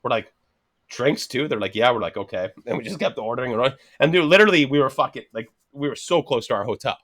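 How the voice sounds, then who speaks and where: A man's voice: mid-range voice, fast. A man in his thirties, a podcast guest telling a story in casual chat, swearing constantly, laughing as he talks and acting out what people said. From Canada. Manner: animated, swears constantly, laughs mid-sentence, acts out quotes.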